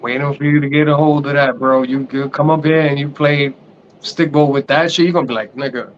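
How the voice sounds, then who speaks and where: A man's voice: a little high, a little fast, slight background noise. A man co-hosting a casual podcast, telling stories and acting out what other people said. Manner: animated storyteller, acts out other people's lines. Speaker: podcast co-host. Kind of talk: casual chat. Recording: dull lo-fi sound.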